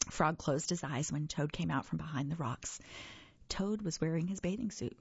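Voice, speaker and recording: A woman reading a children's book aloud with a husky voice, in a measured, expressive storytelling manner. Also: low voice, no room sound, highs cut off. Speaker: storybook reader.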